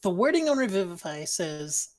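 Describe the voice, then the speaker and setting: A woman's voice: on the low side, sing-song, moderate pace. A woman narrating as game master in a casual online tabletop game, easygoing and descriptive.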